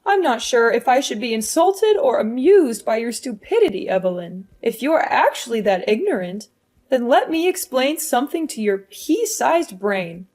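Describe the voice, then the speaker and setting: A cruel, scornful mother-in-law, voiced by a woman for an animated story. She talks down with sneering mockery, and her fairly high voice swoops lively up and down. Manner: sneering, mocking, condescending. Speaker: fiancé's mother.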